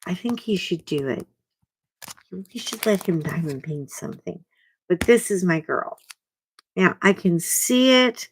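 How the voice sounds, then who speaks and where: Older woman host, slow unhurried talker, chatty and self-mocking, clip-on mic. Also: lowish voice, lively intonation, a little hiss or hum, rough recording. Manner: chatty, rambling and self-deprecating. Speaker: craft channel host. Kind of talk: casual chat to camera. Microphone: clip-on mic that keeps bumping.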